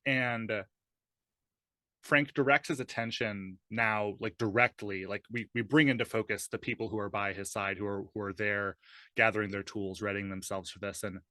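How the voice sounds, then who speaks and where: A man's voice: on the low side, fairly even intonation, moderate pace, sharp tone, dry recording, clean studio sound. A man playing a tabletop game, describing his character's actions thoughtfully, with many fillers. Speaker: player.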